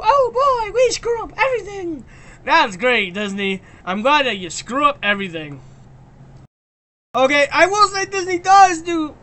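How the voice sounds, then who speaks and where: Brief: male streamer, excitable and ranty, sharp bright tone, frequent stammered restarts. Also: very high-pitched. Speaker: live stream host. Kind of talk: ranting casual live stream chat.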